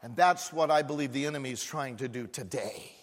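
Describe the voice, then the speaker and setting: A man's voice: medium pitch, fairly quick. A man preaching a sermon as a pastor, repeating phrases with growing fervor. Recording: echoey hall with long reverb.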